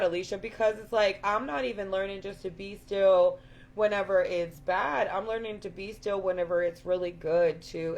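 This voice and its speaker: A woman with a raspy voice giving an earnest, affirming spiritual talk to her viewers, repeating her points. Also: medium pitch. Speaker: spiritual live-stream host.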